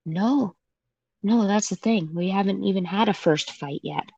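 A woman in her thirties calling in to a show, telling her story in a hesitant, halting way with many fillers. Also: mid-range voice, vocal fry, darkish tone, slightly rough, dry recording. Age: 30s. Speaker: caller. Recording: dull phone-line caller audio.

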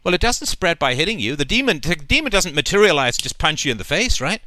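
A man's voice: on the high side, very animated, quick pace, sharp tone, no echo. A male host talking emphatically in a long, flowing monologue, often checking in with "right?". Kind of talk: call-in conversation.

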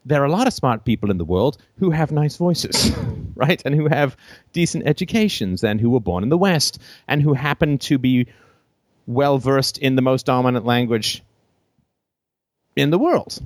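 A British-accented man hosting a call-in show, holding forth off the cuff with a trained, flexible voice. His pitch swings widely as he talks, and he breaks into short laughs. The sound is dry and close. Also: normal speed, dry recording. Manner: animated, laughs between phrases, theater-trained voice. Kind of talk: unscripted call-in show monologue.

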